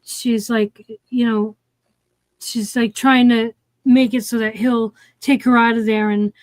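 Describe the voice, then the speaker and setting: Female co-host, slightly high voice, rambling plot recap, dry close mic sound. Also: level tone, unhurried, darkish tone, no room sound. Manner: rambling, lots of "like" and "um", restarts. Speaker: co-host of a movie review stream. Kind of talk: casual chat retelling a film plot.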